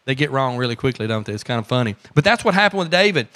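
Pastor preaching, folksy storyteller, medium pitch, keeps asking the church questions. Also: male voice, lively intonation, fast, few pauses, sharp tone. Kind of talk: sermon.

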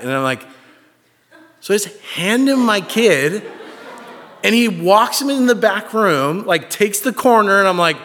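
A man preaching a sermon, telling a personal story with an animated, self-mocking manner. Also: high-pitched, a little slow. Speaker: pastor. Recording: reverberant hall.

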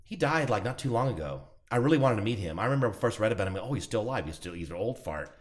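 A man's voice: fairly low pitch, sing-song, racing. A man co-hosting a casual podcast from an airplane hangar at night, with a dry, teasing way of talking. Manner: dry teasing, wry interjections. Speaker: podcast co-host. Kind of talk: casual chat.

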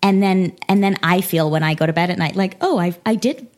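A woman in casual podcast chat, speaking in a relaxed, hesitant way with frequent fillers. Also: lowish voice, a little fast.

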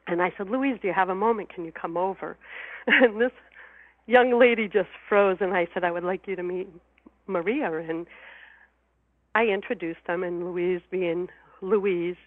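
A woman's voice: lowish voice, normal speed, no echo. A woman guest telling a personal story in an interview, heartfelt and emotional, often repeating her words. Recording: phone line.

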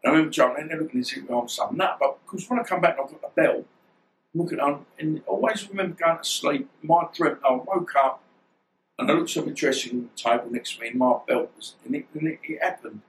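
A man's voice: fairly high pitch, quick pace, a little hiss or hum, rough recording. A middle-aged man, a former boxer, telling stories in a casual interview and often restarting his sentences. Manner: rambling, restarts often, swears.

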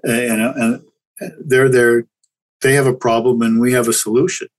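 Heard through poor audio, this older chiropractor guest from Canada speaks at a medium pitch with a level tone and moderate pace. In a casual interview, he's candid and reflective, frequently starting his sentences over.

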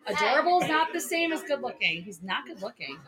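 A woman coach chatting in a restaurant, quick and wry, laughing often. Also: on the high side, very animated, over a noisy crowd. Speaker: girls lacrosse head coach. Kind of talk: casual interview chat. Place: busy restaurant.

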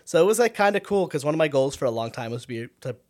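A man's voice: a little high, expressive, racing. A man co-hosting a podcast, chatting casually and animatedly, with frequent restarts and trailing thoughts. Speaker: podcast co-host. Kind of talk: casual chat.

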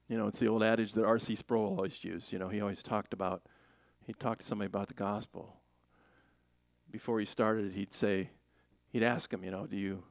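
A man preaching a sermon in a lively, joking way, slipping into playful voices as he makes his points. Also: mid-range voice, dry recording. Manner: animated, jokey preaching with playful voices and laughs. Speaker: pastor.

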